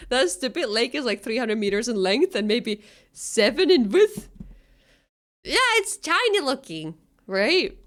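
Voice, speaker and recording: A woman's voice: on the high side, very animated, slow, pauses often. A woman, chatting casually and giggling as a streamer. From Finland. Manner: giggly, self-deprecating. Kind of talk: casual chat while reading a game.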